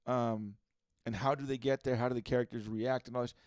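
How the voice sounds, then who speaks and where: A man's voice: medium pitch, fairly even intonation, fairly quick, a little mellow, dry recording, studio quality. A man co-hosting a podcast in loose casual chat, rambling with many restarts and swearing freely. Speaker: podcast co-host.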